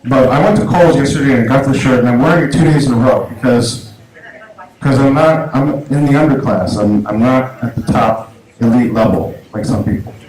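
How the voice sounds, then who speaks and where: A man's voice: medium pitch, a little mellow. A man performing a stand-up comedy set in a small club, self-deprecating, with lots of stumbles and restarts. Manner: halting, self-deprecating delivery with many restarts. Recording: echoey club room, audible noise, poor sound.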